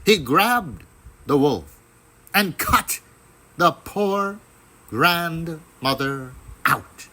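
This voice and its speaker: A man giving a deliberate, expressive dramatic reading of a children's fairy tale. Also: a little high, rough recording. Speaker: storyteller.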